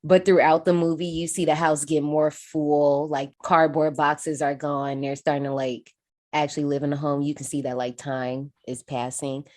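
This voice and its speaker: A woman's voice: sits low, level tone, normal speed, darkish tone. A woman casually recapping a horror movie on a podcast, swearing freely and acting out the characters' lines. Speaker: podcast co-host.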